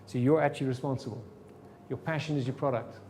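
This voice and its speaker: Man giving an animated sales seminar. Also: mid-range voice, fast talker, slight background noise. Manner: animated, rhetorical questions to the room. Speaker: sales trainer. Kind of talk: live seminar talk to an audience. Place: meeting room with audience.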